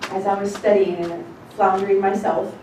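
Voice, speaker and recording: A woman's voice: mid-range voice, flat delivery, warm tone. Blunt preaching woman in an echoey room. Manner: emphatic and blunt, shifting between slow scripture reading and quick casual talk. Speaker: rebbetzin teaching a congregation. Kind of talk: informal sermon with scripture reading. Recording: echoey room, distant mic, noisy.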